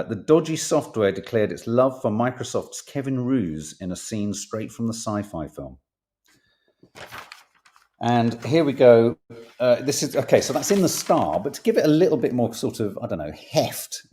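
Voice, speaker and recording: Man, podcast host, casual chat, reading headlines, jokey, lively pitch. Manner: jokey, reads quotes aloud with playful emphasis, swears.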